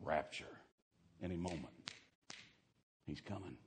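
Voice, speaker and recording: A man preaching a fervent sermon, swinging from hushed asides to shouting. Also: deep voice, a little slow, a little hiss or hum.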